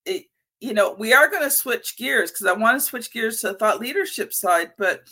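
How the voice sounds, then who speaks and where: A woman hosting a podcast interview, telling personal stories in a lively, expressive way. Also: on the high side, moderate pace. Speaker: podcast host. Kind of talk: conversational interview.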